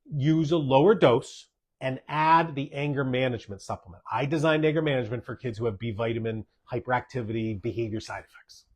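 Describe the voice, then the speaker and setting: A man's voice: medium pitch, fairly quick. Emphatic man answering podcast questions. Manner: emphatic, repeats key points, tags sentences with "okay?". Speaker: doctor hosting a podcast.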